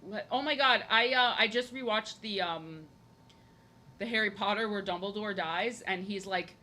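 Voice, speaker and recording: A woman's voice: mid-range voice, normal speed, sharp tone, a little hiss or hum. A young woman chatting casually while drawing on a live stream, rambling along with lots of "like" and restarts. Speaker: art streamer.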